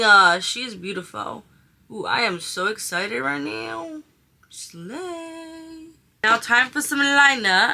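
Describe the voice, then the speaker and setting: There's slight background noise as a young beauty vlogger talks casually through a makeup tutorial in a bright, forceful, mid-range voice. Chatty and effusive about the colors, she throws in slang like "she is giving."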